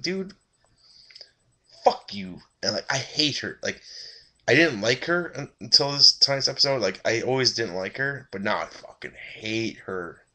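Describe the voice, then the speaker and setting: A man's voice: on the low side, bright, forceful tone. A tired man giving a rambling, blunt and profane casual review of a TV episode.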